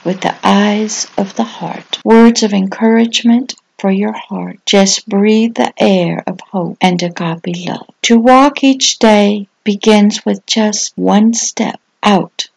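A woman pastor giving a scripted inspirational reading, speaking in slow, solemn declarations with lots of repetition. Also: medium pitch, steady tone, gravelly, darkish tone, husky, low-quality recording.

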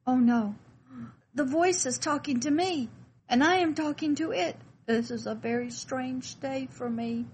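A timid, frightened spirit child, put on by a woman reading a devotional story asks one anxious question after another. The voice sits a little high and stays lonely and unsure. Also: darkish tone, a little hiss or hum, rough recording. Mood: wondering.

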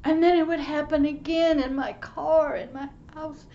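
A woman pastor giving an emotional spiritual testimony, often dropping to a soft whisper. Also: high-pitched, fairly even intonation, moderate pace. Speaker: pastor and teacher. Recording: muffled lo-fi recording.

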